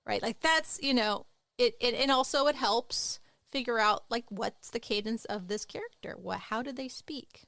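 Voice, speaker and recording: A woman's voice: on the high side, normal speed, a bit bright, dry recording. A woman co-hosting a writing podcast, talking casually with playful, teacherly asides. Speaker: podcast co-host.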